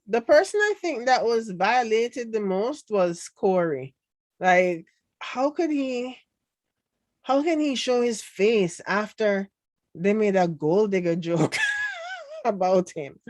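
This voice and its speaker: A woman's voice: mid-range voice, no echo. A Jamaican woman with a light accent, casually chatting and reading viewer comments in a sarcastic, laughing way. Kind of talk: casual chat.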